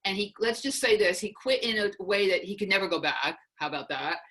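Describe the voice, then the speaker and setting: A middle-aged woman giving a motivational seminar talk, telling a personal story to the audience with lively, acted-out quotes. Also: medium pitch, a little fast. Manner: animated, addresses audience as folks, acts out quotes. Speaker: seminar speaker.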